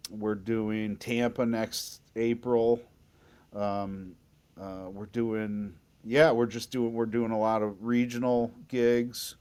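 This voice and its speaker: Excitable, story-telling bass musician, a man. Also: clear, resonant tone. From New England. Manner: animated, excitable, frequent restarts. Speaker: bassist guest. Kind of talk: storytelling in a podcast interview.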